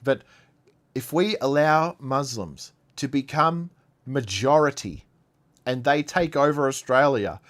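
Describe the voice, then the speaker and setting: A man from Iran ranting on a live stream, sarcastic and repetitive as he reacts to clips. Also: mid-range voice. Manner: ranting, sarcastic, repeats himself. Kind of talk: heated commentary on played clips.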